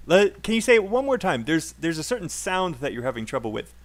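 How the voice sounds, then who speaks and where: A man's voice: on the high side, sing-song, a little fast. A man teaching English pronunciation in a live online class, encouraging and laughing often as he corrects students.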